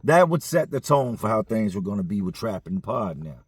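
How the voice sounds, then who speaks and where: A man's voice: fairly low pitch, sing-song, a little fast, slightly rough, no room sound, clean studio sound. A man telling a story casually, in profane, slangy conversational speech.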